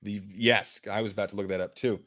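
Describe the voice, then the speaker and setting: A man streaming as he reads a mystery story aloud, with lively, chatty, self-mocking asides. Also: on the low side, fast talker. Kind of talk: livestream read-aloud, casual asides.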